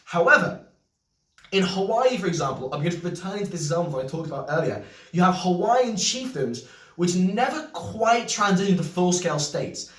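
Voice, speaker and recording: A man's voice: sits high, lively intonation, moderate pace, fairly bright tone. A man with an English voice and a slight Scouse tinge, explaining history in an earnest, self-correcting way with casual asides. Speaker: history video host. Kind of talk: unscripted explanatory lecture. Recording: roomy echo, mic at a distance.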